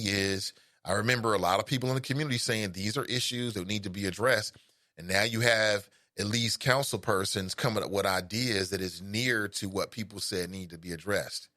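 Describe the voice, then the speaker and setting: A man's voice: lowish voice, pushed and bright, dry recording, clean studio sound. A middle-aged man with a Cincinnati accent hosting a casual call-in talk show, rambling conversationally with playful asides to listeners. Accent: Cincinnati, Ohio. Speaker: radio talk show host.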